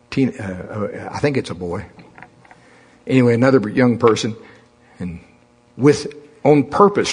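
A male preacher delivering a sermon in a folksy, talky way, often asking the congregation to say the words back with him. His voice is husky and a little breathy, sitting at a middle pitch for a man. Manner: folksy, calls for congregation to repeat after him.

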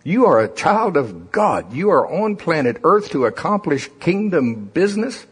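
A husky-voiced male pastor preaching with fervor. His delivery swings from quiet and low to loud and high, with many slowed, stressed phrases. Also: very animated. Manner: impassioned preaching, rising and falling dynamics. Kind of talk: sermon.

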